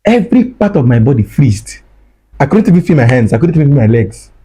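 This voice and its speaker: Husky-voiced man recounting an ordeal. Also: mid-range voice, sing-song, fast talker, warm tone, rough recording. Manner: repeats phrases, acts out dialogue. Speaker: guest recounting his ordeal. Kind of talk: emotional first-person storytelling.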